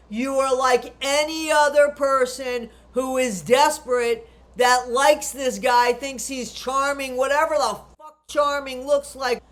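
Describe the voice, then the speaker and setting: Ranting about true crime, a woman with a very high voice speaks bluntly and with indignation, swearing liberally.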